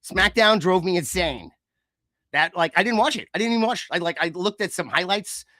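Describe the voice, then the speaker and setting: A man co-hosting a podcast in casual chat, ranting in an animated, sarcastic way. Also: high-pitched, normal speed, no room sound, clean studio sound. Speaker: podcast co-host.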